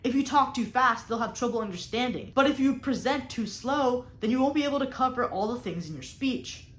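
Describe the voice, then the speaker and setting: Brisk and lively in intonation, her voice leans high, echoing in the room. This young debate coach explains speaking technique, stressing key words deliberately and changing her tone on purpose, in an emphatic, explanatory manner.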